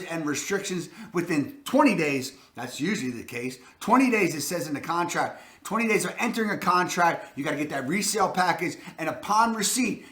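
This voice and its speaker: A man with a Baltimore accent, a real estate agent hosting an energetic advice talk, emphatic and full of catchphrases. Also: high voice, reverberant.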